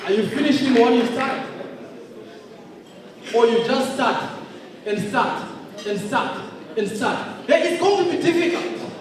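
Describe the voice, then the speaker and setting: Guy giving a pep talk, real high voice, loud and punchy, super echoey hall heard from far off. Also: expressive, unhurried, long pauses, crowd noise. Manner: emphatic preaching delivery, often shouting. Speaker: motivational speaker at an awards event. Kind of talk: motivational speech. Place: large indoor hall.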